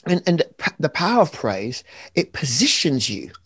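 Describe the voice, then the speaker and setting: A man, an author talking about praise and faith in an emphatic, animated preaching way. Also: fairly high pitch, normal speed, husky, no room sound. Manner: animated, emphatic, acts out little scenes. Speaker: author and preacher being interviewed. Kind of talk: conversational preaching.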